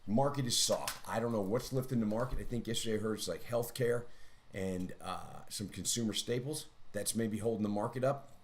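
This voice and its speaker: A man's voice: fairly low pitch, fairly quick, slight background noise. A man streaming live trades, talking through his charts in a rambling, chatty way with self-mocking asides. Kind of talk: casual live-stream market commentary.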